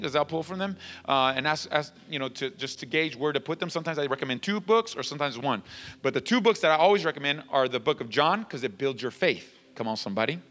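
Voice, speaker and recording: A male pastor preaching a sermon, emphatic and repetitive, his voice climbing toward a near-shout as he drives points home. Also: fairly high pitch, in a large hall. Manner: emphatic, repeats lines, rising to near-shouting. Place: church sanctuary.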